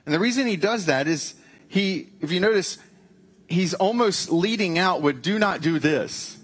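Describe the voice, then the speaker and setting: Husky-voiced man preaching a sermon. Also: high voice, expressive, normal speed. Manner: conversational, many restarts and asides. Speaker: pastor.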